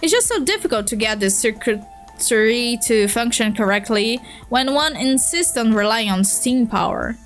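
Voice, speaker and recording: A woman doing a prim, courteous gentleman. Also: fairly high pitch, expressive, moderate pace, soft background music. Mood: polite. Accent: Brazilian Portuguese. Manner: prim, courteous, long-winded. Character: overly polite formal male gentleman troll.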